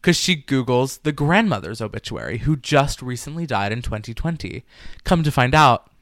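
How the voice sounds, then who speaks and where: A man co-hosting a casual podcast, retelling a story in an animated, gossipy way and slipping into quoted lines. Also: medium pitch, moderate pace, no echo, clean studio sound. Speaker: podcast co-host.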